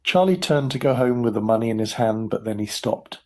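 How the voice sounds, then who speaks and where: A man narrating a children's story for English learners in a clear, measured storytelling voice. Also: mid-range voice, lively intonation, darkish tone. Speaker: audiobook narrator.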